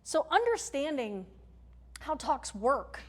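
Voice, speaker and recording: A woman's voice: high voice, big pitch swings, takes it slowly. Woman presenter, conversational and emphatic. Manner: conversational, emphatic, checks in with the audience. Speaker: workshop presenter. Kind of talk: live technical-community workshop talk. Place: meetup room with audience. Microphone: handheld or stage mic.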